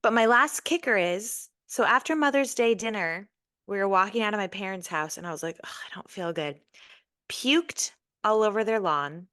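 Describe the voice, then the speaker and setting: A woman's voice: medium pitch, moderate pace, fairly bright tone, no echo, studio quality. A pregnant woman co-hosting a podcast, chatting in a playful, easygoing way. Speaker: podcast co-host. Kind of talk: casual chat.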